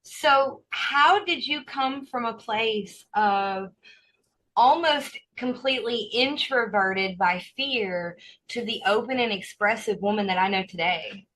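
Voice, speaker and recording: A woman host with a fairly high, bright, forceful voice. She puts measured, curious questions to her guest in a calm interview pace. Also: poor audio. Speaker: podcast host.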